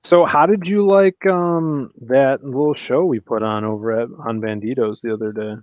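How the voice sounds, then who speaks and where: A man hosting a casual livestream, chatting with guests and plugging links to viewers in a relaxed way. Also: medium pitch, moderate pace, dry recording. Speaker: livestream host. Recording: dull, dry lo-fi mic sound.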